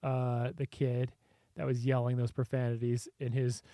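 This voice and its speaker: A man's voice: mid-range voice, completely flat delivery, normal speed, dark tone, no room sound, clean studio sound. A man giving casual commentary on video clips, chatty and laughing often. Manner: chatty, laughs often, mimics voices in quotes.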